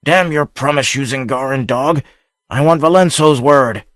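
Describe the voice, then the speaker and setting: A man's voice: mid-range voice, moderate pace, a bit bright, dry recording, voice pushed up, lightly acted. A man voicing a bold, swaggering pirate captain who bellows and mocks, in an audiobook reading. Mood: bellowing. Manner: bellowing, mocking.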